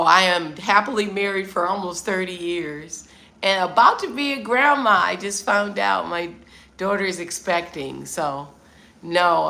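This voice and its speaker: A woman's voice: fairly low pitch, creaky, sharp tone. A middle-aged American woman hosting a casual livestream from Vietnam, chatting and answering viewers' comments. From United States. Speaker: livestream host.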